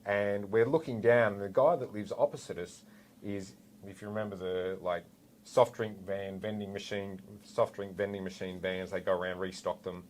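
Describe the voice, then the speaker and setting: Australian man with a low voice. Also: normal speed, slight background noise. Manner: animated, rambling with fillers and asides. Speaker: guest, former police officer. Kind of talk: casual storytelling anecdote.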